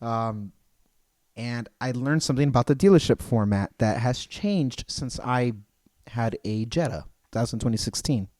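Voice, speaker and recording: Animated man telling stories on a podcast. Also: medium pitch, moderate pace, no room sound, studio quality. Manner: animated storyteller, acts out dealer dialogue. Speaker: podcast co-host. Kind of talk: casual chat.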